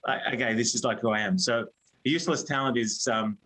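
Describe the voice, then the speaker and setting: A man's voice: medium pitch, fairly quick, sharp tone, rough recording. An Australian man, a guest on an interview show, chatting casually and thinking aloud with many fillers and restarts. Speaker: HR firm director, guest.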